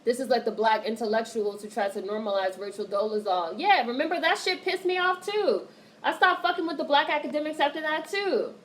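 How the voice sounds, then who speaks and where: A woman hosts a casual livestream, reading out viewer chat and reacting as she goes. She talks bluntly and with animation, swearing freely. Her voice sits a little on the high side. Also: animated, brisk, poor audio.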